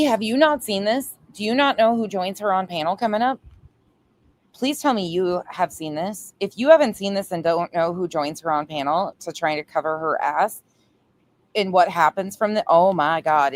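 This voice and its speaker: A woman's voice: on the low side, animated, normal speed. A woman doing live stream commentary, blunt and exasperated, swearing freely.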